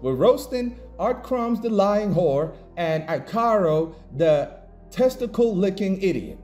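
A man with a slightly high, mellow voice tears into his critics in an angry commentary rant. He is combative and mocking, with faint music playing underneath. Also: lively intonation, takes it slowly. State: pissed off. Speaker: independent comic creator and commentator.

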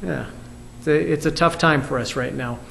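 High-voiced pastor, candid and reflective. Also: male voice, normal speed, creaky, fairly bright tone, a little hiss or hum. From United States. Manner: candid, reflective, asks listeners questions. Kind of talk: video sermon. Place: church.

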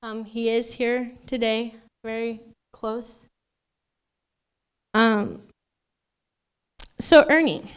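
A woman's voice: on the high side, very slow, long pauses, clean tone. A young woman giving a maid of honor toast at a wedding reception, chatty and emotional, laughing often between fillers.

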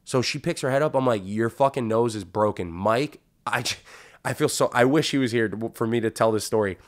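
Profane, animated male podcast storyteller. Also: mid-range voice, a little fast. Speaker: podcast host. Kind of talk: casual storytelling.

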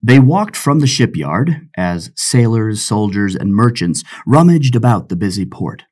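Expressive male audiobook narrator. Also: lowish voice, measured pace. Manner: expressive storytelling.

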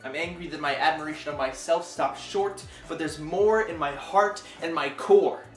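A man recites spoken-word poetry in an echoey room, moving between forceful loud lines and hushed low ones. Faint music runs underneath. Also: moderate pace. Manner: intense, swinging between loud outbursts and quiet low lines.

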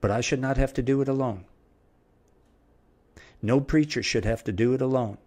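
A man's voice: medium pitch, normal speed, a little mellow. A middle-aged man preaching a verse-by-verse Bible sermon with an emphatic, repetitive cadence.

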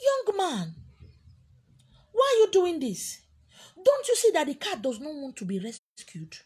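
A woman's voice: high voice, wildly swooping pitch, a little slow, a little mellow, heavily acted. A woman with a Nigerian accent voicing an irritated old man who scolds a young man in a story. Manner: scolding, exasperated.

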